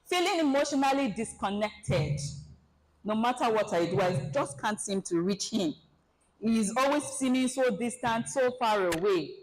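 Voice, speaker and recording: Animated woman giving a seminar. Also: fairly high pitch, normal speed, low-quality recording. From Nigeria. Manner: animated, acts out scenarios. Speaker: relationship seminar speaker. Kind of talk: presentation talk to an audience.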